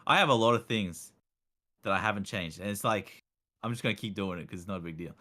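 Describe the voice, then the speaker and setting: A young Australian man hosting a casual streamed chat, animated and jokey, laughing often. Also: fairly low pitch, fast talker. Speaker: streamer host.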